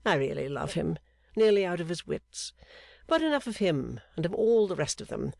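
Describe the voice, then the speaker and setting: Man putting on a breezy, cynical gentleman painter. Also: on the high side, sing-song, moderate pace, gravelly, no room sound, heavily acted. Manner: breezy and enthusiastic, laughing. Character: airy, cynical gentleman painter, cheerfully mocking.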